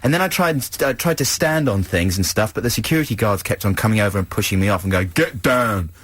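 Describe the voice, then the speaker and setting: A man co-hosting a radio show, playful and teasing, quick to laugh. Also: fairly low pitch, lively intonation, breathy edge, dry recording. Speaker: radio co-host. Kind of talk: casual radio banter. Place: radio studio. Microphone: studio microphone. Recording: dry close studio sound.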